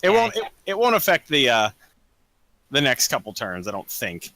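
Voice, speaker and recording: A young man running a tabletop game as game master, halting with many ums and casual swearing. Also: mid-range voice, wildly swooping pitch, vocal fry, sharp tone, no room sound. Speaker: dungeon master.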